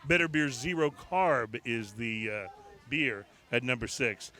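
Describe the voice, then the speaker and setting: Recorded on location in a bar, this casual podcast has a male co-host rambling through a list, full of fillers and restarts. He has a medium-pitched voice, speaks a little slowly, and sounds animated, pushed, and bright.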